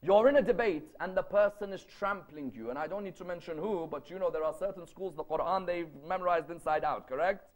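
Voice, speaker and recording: A man's voice: high-pitched, brisk, hardly any pauses, darkish tone. A man preaching to a live audience, emphatic and storytelling, firing rhetorical questions. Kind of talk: religious lecture to a live audience. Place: lecture gathering.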